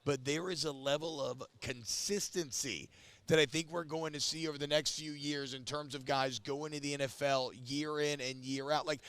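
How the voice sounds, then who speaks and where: A man's voice: a little high, fairly even intonation, normal speed, fairly bright tone, clear, resonant tone, no room sound. A man in his thirties co-hosting a casual sports talk show, emphatic and opinionated, speeding up in bursts and stretching his stressed words.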